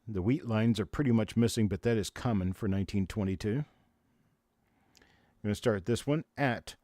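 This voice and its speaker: A man's voice: on the low side, mellow, no echo, studio quality. A man hosting a live online coin auction, rattling off repeated bid calls and explaining coin details in between. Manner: rapid repetitive auction calling of bids. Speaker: auctioneer host.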